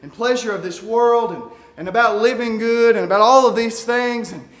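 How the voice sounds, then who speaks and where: A man preaching a sermon, reading scripture aloud and swinging from quiet musing to shouted peaks. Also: very high-pitched, moderate pace. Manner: reads scripture aloud in King James wording.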